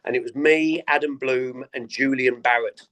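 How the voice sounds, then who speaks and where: A man's voice: mid-range voice, moderate pace. Chatty male comedian telling tour stories. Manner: animated anecdotes, acts out quoted voices. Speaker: comedian guest. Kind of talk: casual interview storytelling.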